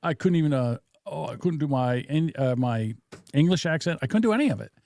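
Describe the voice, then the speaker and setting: Animated, stumbling podcast co-host man. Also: on the high side, a little fast, gravelly. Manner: distractible, swears, stumbles over words. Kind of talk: casual rant chat.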